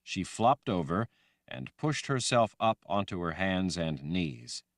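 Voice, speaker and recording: A man reading a fantasy audiobook aloud in a dramatic, expressive way. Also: low voice, takes it slowly, no echo, clean studio sound. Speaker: audiobook narrator. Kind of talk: scripted fantasy audiobook narration.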